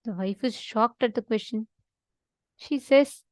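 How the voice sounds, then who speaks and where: A woman's voice: on the high side, measured pace, long pauses, no echo. A woman giving a spiritual discourse. She tells stories in an earnest, instructive way and answers listeners by name. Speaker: spiritual teacher. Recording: dull lo-fi sound, dry.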